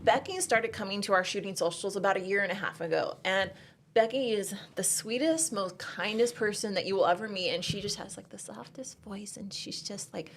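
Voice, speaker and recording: Fast-talking chatty woman. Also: medium pitch, a bit bright, a little hiss or hum. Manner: chatty, upbeat, fond of "like". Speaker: women's shooting program leader. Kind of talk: casual podcast conversation.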